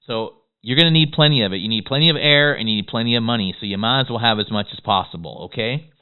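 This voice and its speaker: A man delivers a motivational business lesson in a quick, excitable rush, tagging his points with "okay?". His voice is smooth and resonant at a middle pitch. The sound is squeezed and tinny, like a phone line. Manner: fast-talking, excitable, peppers lines with "okay?". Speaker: business course instructor. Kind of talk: motivational course lecture.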